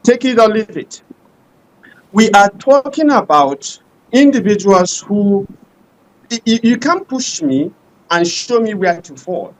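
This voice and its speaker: Man, high voice, very animated pitch, impassioned, rhetorical. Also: slow pace, rough recording. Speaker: panel guest. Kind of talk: heated panel debate.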